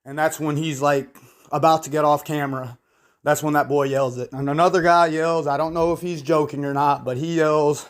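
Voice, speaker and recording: A man's voice: a little high, steady tone, a little fast. A man giving casual video commentary in a blunt, opinionated, rambling way. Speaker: YouTube commentator.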